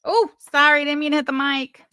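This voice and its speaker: A woman's voice: high voice, steady tone, fairly quick, pushed and bright, no echo. A woman hosting a casual live stream, chatting, reading messages aloud with mock drama and swearing freely.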